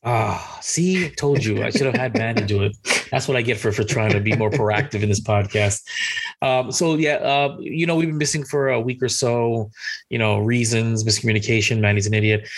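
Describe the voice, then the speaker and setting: A man's voice: medium pitch, normal speed. A man hosting a casual podcast, rambling, laughing often and reading out listener comments. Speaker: podcast host.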